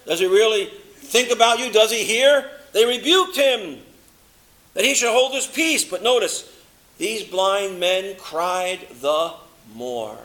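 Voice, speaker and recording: A man preaching a sermon, swinging between loud emphasis and a low, hushed delivery, slowing down to stress words. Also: lively intonation.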